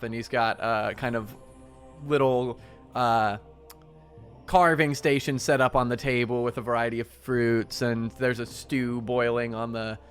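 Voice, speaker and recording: A man's voice: mid-range voice, fairly bright tone. A man acting as game master, narrating a tabletop game in a loose, casual way with many fillers.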